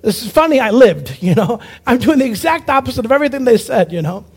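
Brief: man with a very high voice, preacher giving a lively testimony, acts out the voices in his story. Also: fast talker, husky. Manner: animated storyteller who acts out quoted voices. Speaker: preacher and evangelist. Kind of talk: personal testimony sermon.

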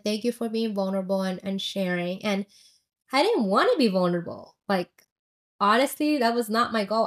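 A young woman telling a personal story in a chatty, candid way, with lots of filler words. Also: mid-range voice. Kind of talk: casual confessional storytelling.

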